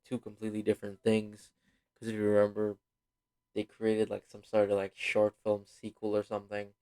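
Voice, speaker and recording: A man giving a rambling, casual film review, full of fillers and apologies, sounding tired. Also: on the low side. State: yawning, tired. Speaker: video host reviewing a film.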